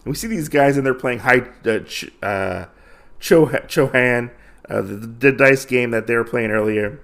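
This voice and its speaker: Gravelly man recapping a comic. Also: mid-range voice, unhurried, fairly bright tone. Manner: loose, enthusiastic retelling with many fillers. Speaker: podcast host. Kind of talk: casual comic book recap.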